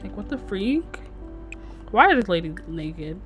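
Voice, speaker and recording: A woman's voice: medium pitch, big pitch swings, measured pace, a bit bright, faint music behind. A young woman casually narrating her gameplay, voicing the characters in a slangy, chatty way with "she's like" quotes. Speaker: gameplay streamer. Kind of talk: casual let's-play narration voicing sims.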